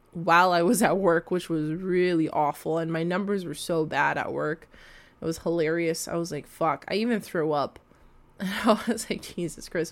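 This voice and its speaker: A young woman with a slightly low voice spills a long work story in a loose, chatty storytime style. She sounds exasperated and animated and swears freely. Her talk is full of likes, restarts and fillers. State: recovering from a cold. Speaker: vlogger. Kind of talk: casual storytime rant.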